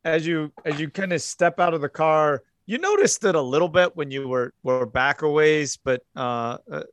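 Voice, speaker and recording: A man running a tabletop horror game as game master, in relaxed, halting narration with many fillers. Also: a little high, dry recording.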